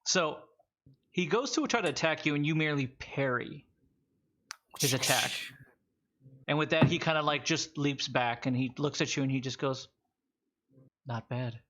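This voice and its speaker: A man acting as game master, narrating a combat scene in a relaxed, plain-spoken way. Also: on the high side, normal speed, pauses often, dull audio.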